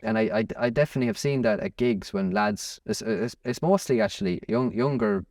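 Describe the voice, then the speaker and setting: A young Irish musician chatting in an interview, rambling with many restarts. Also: male voice, mid-range voice, very animated, a little fast, creaky, darkish tone, dry recording, clean studio sound, far from the mic. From Ireland. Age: young adult. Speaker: musician guest. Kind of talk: casual interview chat.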